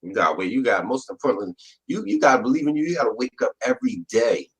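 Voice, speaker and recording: A man's voice: mid-range voice, sing-song, rapid-fire, rough recording. A young man in a casual chat, talking in a laid-back, slangy way. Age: young adult.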